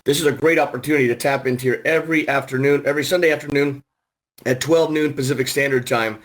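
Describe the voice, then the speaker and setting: A man's voice: medium pitch, steady tone, fast talker. A man hosting a weekly training conference call, enthusiastic and loose, with many fillers and restarts. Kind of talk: upbeat sales call hosting.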